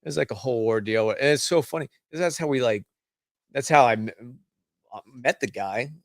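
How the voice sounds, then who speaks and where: A man's voice: medium pitch, moderate pace, no echo, clean studio sound. A man in casual chat, drunk and rambling, swearing heavily as he tells stories. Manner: rambling, heavy swearing, tipsy storytelling. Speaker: guest.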